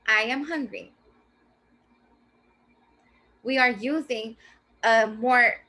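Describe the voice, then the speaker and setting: Bright-voiced woman teaching a lesson. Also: medium pitch. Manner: slow, clear teacherly explanation. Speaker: teacher presenting a reading lesson. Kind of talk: scripted classroom presentation.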